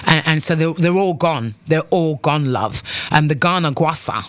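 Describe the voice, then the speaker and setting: A woman's voice: deep voice, moderate pace, dry recording. Antiguan woman hosting morning radio. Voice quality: rambling, repeats words, warm asides to listeners. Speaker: radio talk show host. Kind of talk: morning call-in radio chat.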